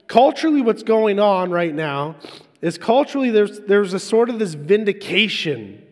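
A man's voice: high voice, a little mellow. A man preaching a sermon in a conversational way, asking the congregation questions. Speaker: pastor. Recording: echoey hall.

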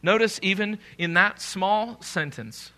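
A man preaching a live sermon as a pastor in a church, joking with the congregation and repeating key phrases slowly for emphasis. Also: sits high, bright, forceful tone.

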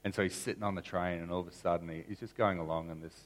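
A man's voice: low voice, fairly even intonation, racing. A man preaching a sermon that moves into spoken prayer, earnest and often repeating words as he restarts a thought.

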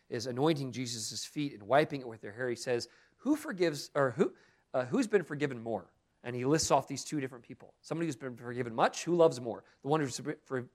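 A young adult man preaching a sermon as pastor, speaking earnestly and expressively with strong emphasis. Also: mid-range voice.

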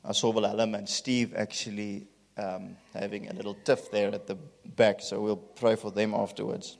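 A man preaching a sermon to a congregation, reading scripture with swings between loud emphasis and quiet asides. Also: lowish voice, little pitch movement, normal speed, gravelly, in a large hall. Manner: dramatic scripture reading, rising loud then dropping quiet. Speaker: pastor.

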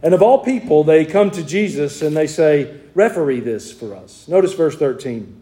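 A pastor with a Southern US drawl delivers a sermon in a mellow, warm tone, his voice sitting a bit higher than most men's. He talks to his congregation like a neighbor and keeps asking them questions. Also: lively intonation, moderate pace. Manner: conversational preaching with rhetorical questions to the congregation.

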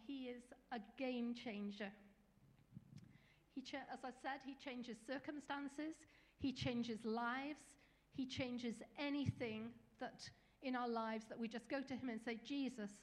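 A woman's voice: high voice, big-room sound. A woman preacher giving an earnest, encouraging sermon with small fillers.

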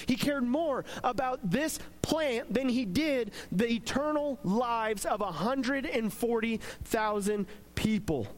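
Casting note: a man with a very high voice for a man, talking through a casual, conversational devotional. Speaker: preacher.

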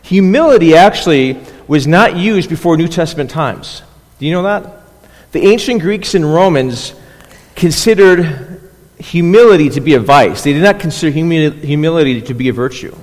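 A man's voice: a little high, animated, moderate pace, a little mellow. A man preaching a conversational sermon as pastor, often checking in with listeners and restarting phrases. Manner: restarts and repeats words. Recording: long hall reverb.

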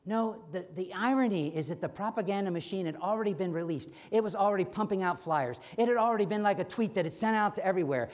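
A man preaching a sermon as pastor, animated and acting out quoted voices. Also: high voice. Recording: long hall reverb.

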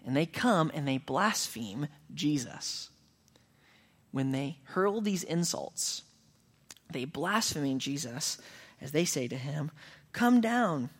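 A man's voice: a little high, animated, slow, fairly bright tone, breathy edge. A man preaching a sermon as pastor, earnest, raising his voice for emphatic quoted lines. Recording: long reverb of a hall.

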